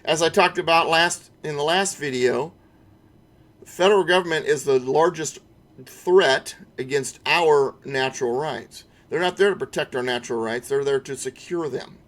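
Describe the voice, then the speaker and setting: A man's voice: a little high, moderate pace, a bit bright. A middle-aged man teaching an online constitution class, stressing key words and asking rhetorical questions. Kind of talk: online lesson lecture.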